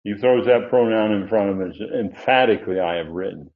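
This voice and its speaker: A man's voice: lowish voice, a little fast, hardly any pauses. A man teaching a Bible study lecture, explaining Greek grammar with asides and self-corrections. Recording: dull lo-fi recording.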